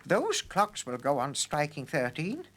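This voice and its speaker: A man's voice: fairly high pitch, unhurried, heavily acted. A man voicing an absent-minded old male professor who stammers and gets flustered. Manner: stammering, excitable.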